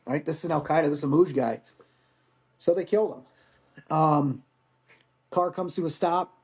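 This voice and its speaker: A man on the high side of the pitch range speaks at a moderate pace, his voice a little mellow. He's a Marine veteran in his forties appearing as a podcast guest, telling stories candidly and ramblingly with casual swearing.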